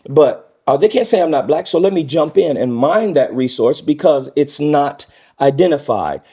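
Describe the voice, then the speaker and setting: A man's voice: a little high, animated, moderate pace, warm tone, slightly rough. A middle-aged man speaking earnestly as a guest in a casual discussion, often acting out quoted speech in a raised voice.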